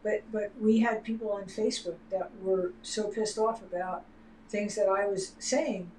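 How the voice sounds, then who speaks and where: A woman's voice: medium pitch, steady tone, a little slow, darkish tone. A woman co-hosting a livestream, talking in an emphatic, heated way and swearing now and then. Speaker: livestream co-host. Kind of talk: casual political discussion. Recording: roomy with faint noise.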